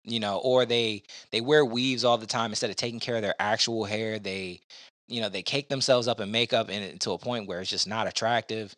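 A man's voice: lowish voice, fairly even intonation, a little fast, fairly bright tone, dry recording, studio quality. A man hosting a casual podcast, giving blunt opinions in a rambling way with lots of fillers. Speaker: podcast host.

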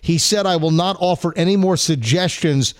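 A man's voice: a little high, moderate pace. A man hosting a morning radio show, ranting in exasperation.

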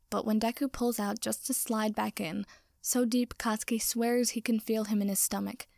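Soft-spoken woman reading a story. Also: medium pitch, no room sound, clean studio sound. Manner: soft, slow, often drops to a whisper. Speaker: narrator. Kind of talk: reading fan fiction aloud.

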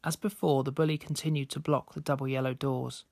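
A man's voice: medium pitch, level tone, a little fast, vocal fry, darkish tone, no room sound, studio quality. Man narrating a spooky story. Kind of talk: scripted narration.

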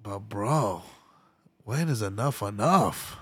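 Young male podcast host, profane and animated, mid-pitched voice, dry close mic. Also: unhurried, long pauses, dry recording. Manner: profane, animated, slangy, laughs often. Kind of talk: casual solo podcast rant.

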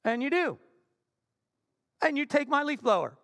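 A man preaching in a church sanctuary, playful and animated as he tells his story. He swings from punchy, raised lines down to near-whispered appeals, then builds back up. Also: very high-pitched, moderate pace. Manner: animated, playful storytelling with sudden soft drops. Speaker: senior minister. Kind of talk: sermon.

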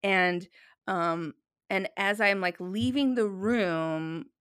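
A woman's voice: medium pitch, takes it slowly, fairly bright tone, smooth, dry recording. A middle-aged woman tells a story in loose, casual chat, full of fillers and swearing. Her voice sits close and dry, with no room sound around it. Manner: profane, rambling, many fillers.

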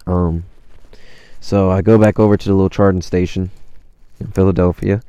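A man's voice: deep voice, little pitch movement, brisk, dark tone, clean tone, no echo, highs cut off. A young man casually telling a rambling, slang-heavy story of his travels, swearing often.

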